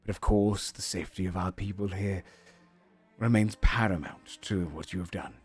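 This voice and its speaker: A man voicing a diplomatic male councillor who speaks in a soothing, measured way. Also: deep voice, husky, soft background music. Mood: placating.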